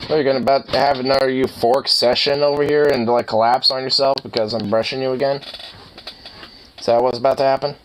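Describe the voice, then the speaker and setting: A man's voice: medium pitch, level tone, fast talker, slight background noise, rough recording. A young man at home chatting to his dog while brushing it, teasing and playful with crude swearing. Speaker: dog owner vlogger.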